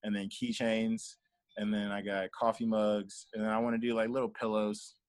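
Here the young guest, who manages artists and runs businesses, talks at a normal pace with a fairly low pitch and level tone. He tells stories casually in the interview, voicing the dialogue himself, with no echo.

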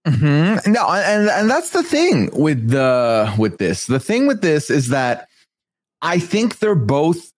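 A man talks through a recap in a measured, thoughtful way, with a pitch that moves up and down a great deal. His voice is dry and close to the mic. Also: wildly swooping pitch, no room sound. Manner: measured, reflective, summarizing. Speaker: podcast host. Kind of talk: casual recap chat.

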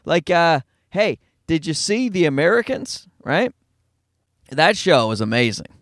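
A middle-aged man with a Newfoundland accent, a stand-up comedian talking fast and profanely in a rambling, self-deprecating monologue from his car. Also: on the high side, very animated, fairly bright tone, no room sound, studio quality. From Newfoundland, Canada. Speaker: stand-up comedian, podcast host.

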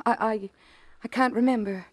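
Actress doing a high shaky widow, stammery and teary, dry close sound, old radio drama. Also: female voice, steady tone, moderate pace, no echo, natural voice. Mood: shaken. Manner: stammering, tearful, near hysteria. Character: grieving widowed mother, hysterical and fragile. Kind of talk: 1940s radio acting.

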